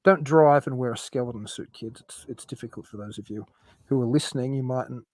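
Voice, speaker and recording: A man hosting a live podcast stream, chatting casually and warmly welcoming his audience. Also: medium pitch, brisk, no echo. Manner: friendly, chatty, laughs easily. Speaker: podcast host.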